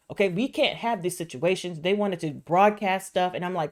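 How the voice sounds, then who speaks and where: A woman hosting a reaction video, casually recapping a show with slang, swearing and pauses to search for words. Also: fairly low pitch.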